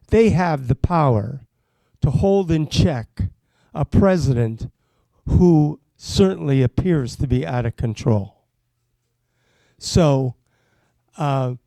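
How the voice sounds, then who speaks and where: A man, a state legislator from Pennsylvania, gives an impassioned political speech that builds to loud, emphatic calls. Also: on the high side, no echo.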